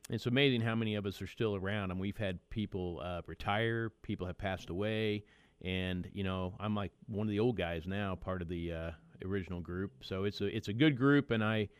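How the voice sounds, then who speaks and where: Middle-aged male radio host, low clear voice, conversational and reflective. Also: a little fast, dry recording. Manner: conversational and reflective, with frequent restarts. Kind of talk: casual radio talk.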